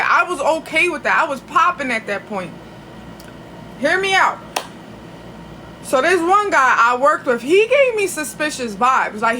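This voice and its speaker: Bright, chatty woman on a livestream. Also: sits high, a little hiss or hum. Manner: chatty, profane, rambling with restarts. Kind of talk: casual livestream storytelling. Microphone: phone.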